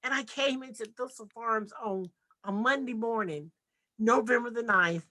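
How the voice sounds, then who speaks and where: Heartfelt lady telling her story on a podcast, bright punchy tone. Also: on the high side, moderate pace. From Nashville, US. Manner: earnest, heartfelt, vivid retelling. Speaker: podcast guest. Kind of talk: personal testimony storytelling.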